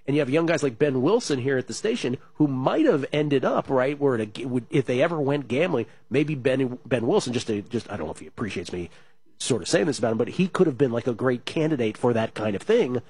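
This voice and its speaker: Husky-voiced talk radio host, a man. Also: mid-range voice, no room sound. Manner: fast, animated, reads listener tweets aloud. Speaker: sports betting radio host. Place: radio studio.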